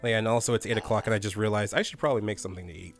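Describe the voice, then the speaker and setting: A man's voice: on the low side, fairly even intonation, racing, creaky, soft background music. A man chatting casually on a live game stream, swearing freely and barking orders at the game characters. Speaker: streamer playing a colony sim game.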